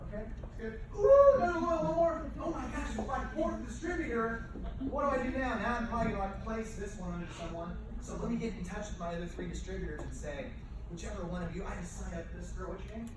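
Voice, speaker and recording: A woman runs a lively team training, playful and full of exclamations. Her voice comes from well back from the microphone and rings around a very echoey room. Steady background noise hums under her. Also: medium pitch, fast, recorded from a distance. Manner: animated, playful, exclaims often. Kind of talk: lively training demo with a live audience.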